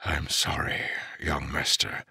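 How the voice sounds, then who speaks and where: A man voicing a quiet, loyal male servant who speaks softly, slowly and with measured solemnity. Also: deep voice, slightly rough, no room sound, clean studio sound, heavily acted. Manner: soft, slow and measured.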